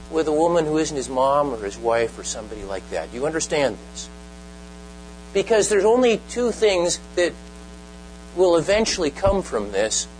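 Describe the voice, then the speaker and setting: A man's voice: on the high side, a little hiss or hum, poor audio. A man preaching a sermon, earnest and emphatic, often stopping to ask the listeners direct questions. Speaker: pastor.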